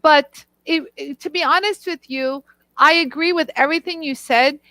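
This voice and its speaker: Woman co-host, high and bright, encouraging and playful chat. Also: normal speed, no room sound. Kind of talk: casual chat.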